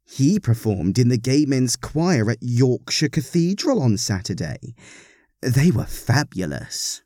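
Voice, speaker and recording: A man's voice: mid-range voice, very animated, slow, dark tone, no room sound, studio quality, voice pushed up. A man doing a prim, scheming churchwoman. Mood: sly, prim.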